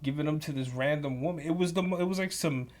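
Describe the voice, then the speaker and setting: A man's voice: fairly high pitch, fast. Profane New man telling stories. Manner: profane, animated, slangy. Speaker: podcast co-host. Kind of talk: casual storytelling.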